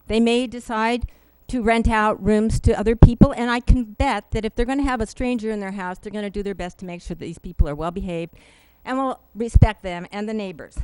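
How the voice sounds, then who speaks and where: A woman giving an earnest, emotional public comment at a city council meeting, halting now and then with fillers, into a podium microphone. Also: medium pitch, darkish tone, smooth, no room sound, poor audio.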